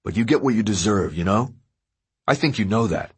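A man reading an audiobook voices a menacing, drugged-up young man who goads and bullies loudly. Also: lowish voice, expressive, fairly quick, slightly rough. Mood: bullying. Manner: loud, bullying goading.

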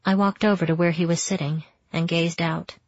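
Husky low-voiced woman narrating a novel. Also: steady tone, normal speed, dry recording, muffled recording. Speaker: audiobook narrator. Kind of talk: first-person novel narration.

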